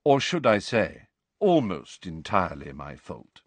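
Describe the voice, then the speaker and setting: Narrator doing a serene elderly wizard; slow, soft and steady, lower than his own voice. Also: no echo, full character voice. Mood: calm. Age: older. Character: calm, serene old male wizard headmaster.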